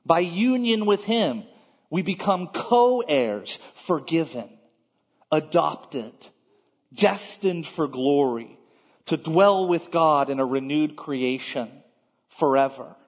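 A man with a slightly husky, fairly high voice delivers a sermon, rising and falling widely as he leans on key words. He takes his time, and his voice rings with the long reverb of a big church hall. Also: animated. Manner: measured preaching, stresses key words, drops to quiet phrase ends. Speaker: pastor.

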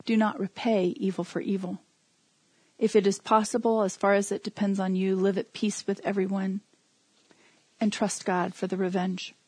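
A woman's voice: mid-range voice, little pitch movement, moderate pace, darkish tone, husky, no echo. Conversational woman preaching a sermon. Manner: conversational, with asides and humor.

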